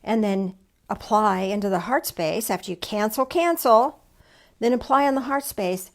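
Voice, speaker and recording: With a medium-pitched voice at a moderate pace, the woman preaches in a conversational style during an online church service. Folksy and self-deprecating, she raises questions and answers them herself aloud.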